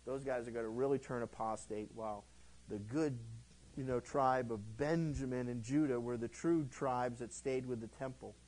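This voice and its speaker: Middle-aged guy pastor walking thru the bible, chatty and animated, plain mid voice. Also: medium pitch, normal speed, rough recording. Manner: conversational, animated, acts out quotes. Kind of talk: verse-by-verse Bible teaching.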